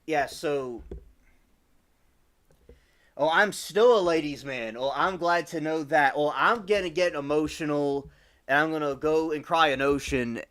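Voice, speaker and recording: A man's voice: on the high side, fairly bright tone, clear, resonant tone. Rambling young man chatting to his stream. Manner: rambling and chatty, with many restarts; addresses chat viewers by name. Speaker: live streamer. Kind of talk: casual live-stream chat with viewers.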